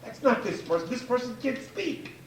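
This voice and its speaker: A man lecturing as a rabbi, his high voice swinging widely in pitch as he drives each point home and repeats phrases for weight. He is heard from a distance in an echoey room, with faint hiss under the talk. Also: normal speed. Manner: emphatic, repeats key phrases, animated. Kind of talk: Torah lecture to an audience.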